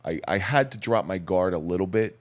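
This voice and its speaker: Brief: middle-aged man, very low voice, measured and somber storytelling, plain-spoken guest. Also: animated. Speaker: podcast guest, police officer. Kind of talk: personal storytelling in a podcast interview.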